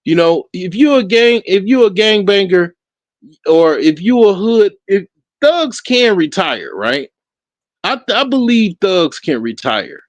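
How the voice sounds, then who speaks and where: A man's voice: high-pitched, sing-song, unhurried, dry recording. A man hosting a solo talk show, rambling and profane, laughing often and restarting his sentences. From Africa. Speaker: podcast host. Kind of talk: casual solo commentary.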